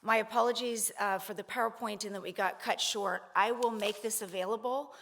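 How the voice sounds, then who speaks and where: A woman's voice: medium pitch, steady tone, a little fast, gravelly, fairly bright tone. Earnest woman giving a panel speech. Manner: earnest, repeats phrases, many fillers. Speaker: conference speaker.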